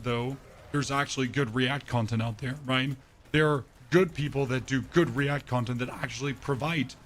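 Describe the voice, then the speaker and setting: While gaming on a livestream, a man uses a voice changer to chat with his audience, ranting opinionatedly and regularly tripping over his words. His voice is medium-pitched, with a little hiss or hum in the audio.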